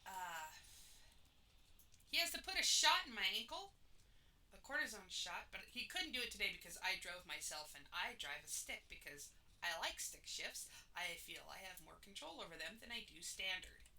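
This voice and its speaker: A woman's voice: medium pitch, big pitch swings, normal speed, pushed and bright, far from the mic, a little hiss or hum. A woman in her forties chatting casually while gaming on a stream, rambling with jokey, self-mocking asides.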